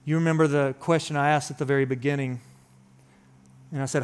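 A man in his thirties preaching a sermon as pastor, moving between hushed, intimate passages and loud, urgent ones in a repetitive preaching cadence. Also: fairly high pitch, fairly even intonation, fairly quick, clear, resonant tone.

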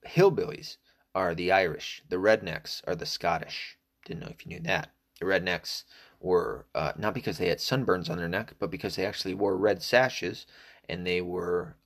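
A middle-aged man from the American South, speaking in a low-pitched, slightly bright voice, delivers a solo monologue. It's casual and profane, digressive and thick with fillers.

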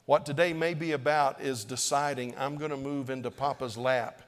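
A middle-aged man preaching to his congregation, his mid-pitched voice earnest and pleading. He circles back to his phrases again and again. The long reverb of the sanctuary trails after each line. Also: fairly even intonation, moderate pace. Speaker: pastor. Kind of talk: sermon. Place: church sanctuary.

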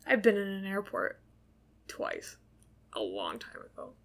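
A woman's voice: mid-range voice, huge pitch swings, measured pace. A woman co-hosting a podcast, recapping a movie in a rambling, casual way full of fillers and the odd swear. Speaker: podcast co-host.

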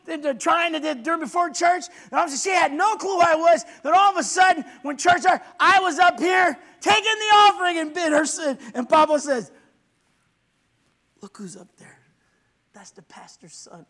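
A man preaching a fiery sermon in church, swinging from low intense murmurs to loud shouts. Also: fairly quick, hardly any pauses.

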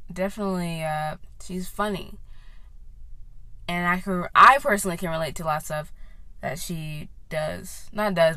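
A woman's voice: fairly low pitch, a bit bright, dry recording. Rambling young woman, dry close sound. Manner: rambling, self-interrupting, off-track. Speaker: YouTuber recommending creators. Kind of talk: casual chat.

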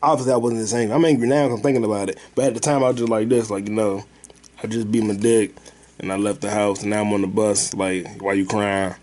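A man's voice: fairly low pitch, steady tone, fast talker, darkish tone. A man hosting a podcast, rambling through stories and movie talk in a loose, profane, slangy way. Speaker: podcast host. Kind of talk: casual podcast chat.

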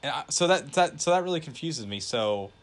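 A young man co-hosting a podcast, joking and cutting in with quick questions in casual chat. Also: a little high, animated. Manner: joking, interrupting, quick back-and-forth. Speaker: podcast co-host.

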